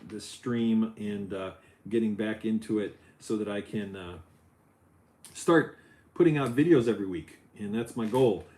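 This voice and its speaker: A middle-aged man hosting a casual Lego building livestream, loose and chatty, his voice jumping up when he gets excited. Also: lowish voice. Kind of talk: casual chat while building. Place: home office.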